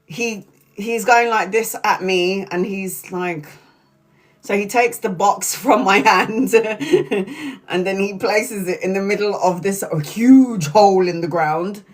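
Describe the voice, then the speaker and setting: A woman's voice: mid-range voice, slow, soft background music. A middle-aged woman tarot reader on a live stream, telling a story with lots of swearing and laughter.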